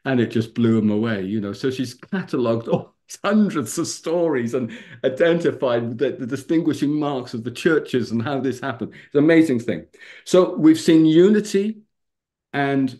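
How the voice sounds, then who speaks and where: Lively middle-aged pastor telling stories. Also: male voice, medium pitch, moderate pace. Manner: lively storyteller who laughs and acts out the people in his stories. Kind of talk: storytelling talk on a video call. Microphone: video call.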